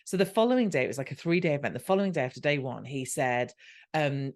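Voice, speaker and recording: A woman's voice: rumbling low, fast. A British woman, a podcast guest, telling a story in casual chat and acting out the dialogue as she goes. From Britain. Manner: animated, acts out quoted dialogue.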